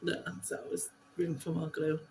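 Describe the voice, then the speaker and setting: Giggly woman, low voice. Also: monotone, moderate pace, a little mellow, slight background noise, rough recording. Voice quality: giggly, self-deprecating, chatty. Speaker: vlogger host. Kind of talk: casual chat while crafting.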